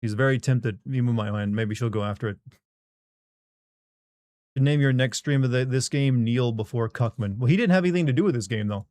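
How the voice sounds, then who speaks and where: A man's voice: medium pitch, a little fast, darkish tone, dry recording. A man chatting casually on a live game stream, reading out viewer questions and commenting on his pet in a laid-back, rambling way.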